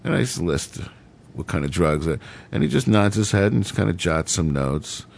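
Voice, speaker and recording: A man's voice: low voice, expressive, moderate pace, gravelly. A middle-aged man telling a long personal story in a rambling, profane way, full of fillers. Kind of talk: casual monologue.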